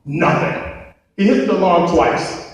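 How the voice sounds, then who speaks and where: A man telling a comic true story on stage, animated and profane, with a live-event sound. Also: high voice, a little slow. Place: large hall on stage. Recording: echoey hall, distant mic.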